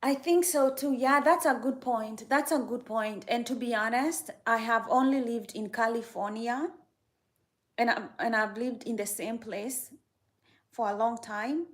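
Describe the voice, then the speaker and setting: A young woman talking to viewers on a casual livestream, friendly and easy to laugh. Her voice sits a bit high, and she takes her time with unhurried, drawn-out phrases. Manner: chatty, laughs easily, talks to viewers. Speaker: livestream host.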